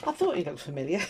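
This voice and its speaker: A woman's voice: lowish voice, darkish tone, a little hiss or hum. A woman chatting casually to viewers while she colours, self-mocking and muttering to herself with little laughs. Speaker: colouring vlogger.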